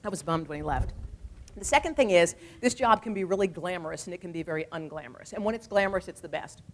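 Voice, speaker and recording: A woman in her forties giving a talk, telling stories in a lively, animated way and acting out the people she quotes. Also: fairly low pitch, quick pace, a little hiss or hum. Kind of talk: storytelling speech.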